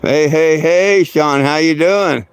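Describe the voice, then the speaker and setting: Male livestream host, gravelly voice, slow unhurried rambling, lots of fillers and chuckles. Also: a little high, dry recording. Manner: loose and meandering, many fillers and restarts, chuckles often. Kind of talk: rambling casual livestream chat.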